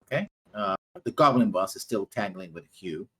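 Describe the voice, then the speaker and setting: A man's voice: fairly low pitch, lively intonation, moderate pace, sharp tone, slightly rough. A man running a tabletop role-playing game as game master, talking loosely and conversationally.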